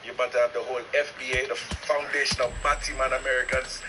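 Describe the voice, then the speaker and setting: A man's voice: medium pitch, level tone, fast talker, music in the background. Playful man calling into a roast chat. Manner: laughing, trading insults, playful. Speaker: caller. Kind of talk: joking banter. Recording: distant noisy online voice chat.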